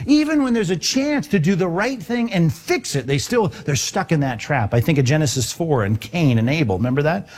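A man preaching a sermon on a Bible passage, lively and conversational, acting out quoted voices as he goes. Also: a little high, brisk, few pauses. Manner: animated, acts out quoted voices. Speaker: pastor.

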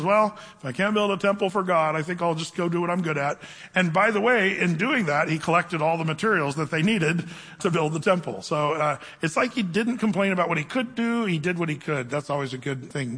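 A man preaching a conversational sermon, teaching the Bible to his congregation and slowing down to read scripture aloud. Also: high voice, bright, forceful tone. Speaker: pastor. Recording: reverberant hall.

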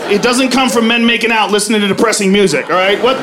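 High-voiced brash stand-up comic man. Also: lively intonation, rapid-fire, hardly any pauses, background noise. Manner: brash, profane, loud punchlines. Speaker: stand-up comedian. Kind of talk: stand-up comedy routine. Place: comedy club stage. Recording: live club recording, audience laughter. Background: crowd laughing.

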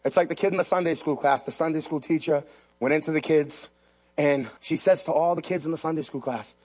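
A man's voice: on the high side, brisk, a little mellow, slightly rough, faint music behind. A man preaching a sermon as pastor, emphatic, repeating key lines and mixing in jokes.

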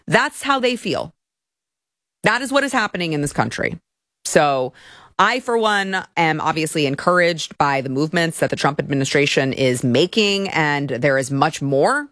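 A woman's voice: sits low, expressive, moderate pace, fairly bright tone, dry recording, clean studio sound. A woman from the United States giving sarcastic, mocking opinion commentary and reading posts aloud. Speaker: political commentator.

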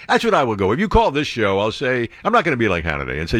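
An older man hosting a radio talk show, rambling and joking with asides and quick impressions. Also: medium pitch, huge pitch swings, fairly bright tone, no room sound, clean studio sound. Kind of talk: casual talk radio banter. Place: radio studio.

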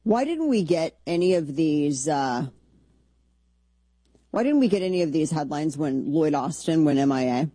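A woman's voice: low voice, expressive, normal speed, dark tone, breathy edge, no echo. Blunt, combative woman radio host. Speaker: radio talk show host. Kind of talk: opinionated political talk radio.

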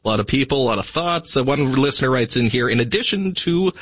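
A man working as a radio producer, reading listener messages on air and explaining the news in a steady, casual way. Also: medium pitch, fast talker, husky, dry recording. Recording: dry, slightly dull broadcast audio.

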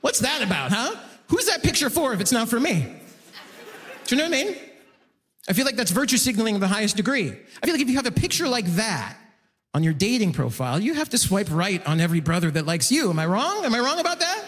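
A male comedian works the stage with a high voice that leaps all over the place. He is animated and exclamatory and acts out his own reactions. The club gives his voice a long echo. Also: quick pace. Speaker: stand-up comedian. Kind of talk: stand-up comedy set. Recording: live room with long reverb.

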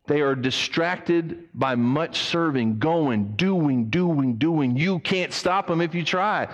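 Preacher, fairly high voice, reverberant hall. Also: male voice. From United States. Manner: animated preaching, acting out quoted people. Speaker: pastor. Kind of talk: sermon. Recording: long reverb of a church hall.

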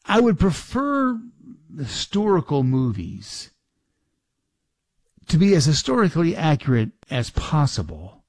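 A man's voice: a little high, wildly swooping pitch, measured pace, pauses often, dry recording. A middle-aged man hosting a talk radio show, rambling casually with many restarts and fillers.

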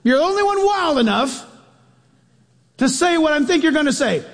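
A man voicing a big, burly male fisherman, with his voice pushed much higher and calling out eagerly in a dare. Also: normal speed, in a large hall. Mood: bold, eager. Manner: excited, daring pleading.

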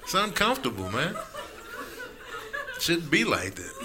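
A man's voice: on the high side, huge pitch swings, unhurried, sharp tone. A man doing a stand-up set, telling a self-mocking story. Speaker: stand-up comedian.

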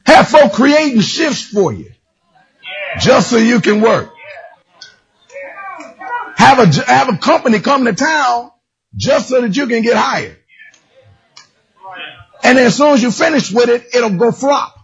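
A man preaching with a high, swooping voice that climbs and drops as he tells his story. His tone is husky and raspy, and he calls out to the people in front of him. The recording sounds dull and lo-fi. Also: a little slow, long pauses. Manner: animated preaching, storytelling in character, calling out to congregation. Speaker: pastor. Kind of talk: sermon.

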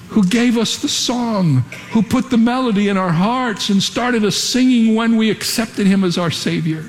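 A man preaching a sermon in an earnest, measured way, building to emphatic repeated lines. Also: high voice, a little mellow, a little hiss or hum. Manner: earnest preaching with dramatic pauses and quoted whispers. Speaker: pastor. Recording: long hall reverb, faint ambience.

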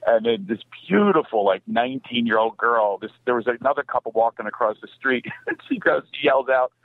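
A comedian man from Philadelphia, calling in to a radio show and telling stories in an animated way, laughing often. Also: medium pitch, fairly quick, no echo. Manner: animated storytelling, acts out voices and laughs often. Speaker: comedian guest. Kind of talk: radio call-in comedy chat. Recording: dry muffled phone line.

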